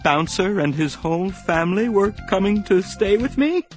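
A man reading a children's audiobook aloud with playful, expressive narration. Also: high-pitched, moderate pace, soft background music. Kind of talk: scripted narration.

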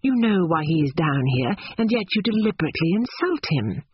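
A fussy middle-aged mother, brisk and scolding, as a male audiobook reader puts her on. Her raised, husky voice swings lively through each line. The reading sounds dry and a little muffled. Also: sits high, dry recording, pitched above the performer's own voice, full character voice.

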